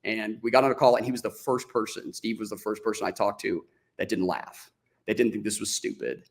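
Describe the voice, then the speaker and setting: A man as a podcast guest, telling a story in a casual, animated way, acting out the dialogue as he goes and often restarting his sentences. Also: on the low side, a little fast, creaky. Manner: frequent restarts and "like" fillers.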